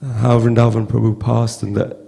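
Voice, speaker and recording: Man, gravelly, husky, halting tribute, repeats words, long hall reverb. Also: mid-range voice, little pitch movement, mellow. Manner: halting, repeats words, acts out quoted voices. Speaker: speaker at a memorial gathering. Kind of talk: heartfelt storytelling tribute.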